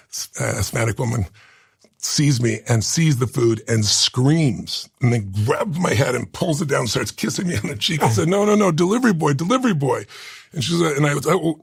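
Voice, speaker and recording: Gravelly, husky man in his sixties. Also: mid-range voice, no echo, studio quality. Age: 60s. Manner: earnest, heartfelt, tearful at times. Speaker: interview guest. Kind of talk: emotional storytelling.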